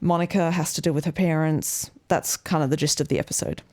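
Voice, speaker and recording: A young woman with a fairly low voice co-hosts a relaxed podcast chat. She talks playfully, laughs easily and drifts through "um" and "like" while thinking aloud. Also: brisk. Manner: chatty and playful, laughs often, trails off with fillers. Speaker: podcast co-host. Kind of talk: casual chat.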